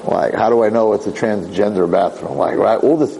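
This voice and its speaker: A man's voice: on the low side, brisk, gravelly, few pauses, poor audio. An older man giving an informal Torah class, telling stories and asking rhetorical questions. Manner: animated storytelling with rhetorical questions. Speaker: Torah teacher.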